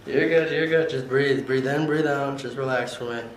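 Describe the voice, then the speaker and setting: A chiropractor talking patients through adjustments with calm, soothing instructions. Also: male voice, mid-range voice, normal speed. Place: treatment room, indoors. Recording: roomy room with background hiss.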